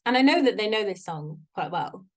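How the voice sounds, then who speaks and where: A woman's voice: expressive, brisk. A woman, a voice coach giving a chatty, playful online workshop talk over a video call. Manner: chatty, playful, varies pitch for effect.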